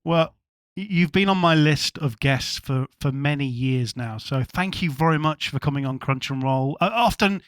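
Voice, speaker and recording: A man hosts a casual podcast interview, friendly and eager, tripping over his restarts. His voice sits fairly high for a man. The mic sound is close and dry. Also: moderate pace, smooth, no room sound. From England (Hull). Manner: friendly, enthusiastic, stumbling restarts. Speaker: podcast host.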